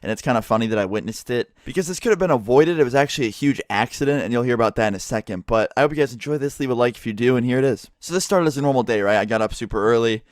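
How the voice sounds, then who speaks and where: A man's voice: mid-range voice, animated, rapid-fire, few pauses, no echo, studio quality. A young man telling a casual storytime vlog, exasperated and swearing often. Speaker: vlogger.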